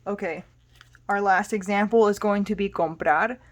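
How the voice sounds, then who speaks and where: A woman's voice: medium pitch, steady tone, normal speed. A woman teaching a Spanish lesson, explaining patiently and spelling words out letter by letter.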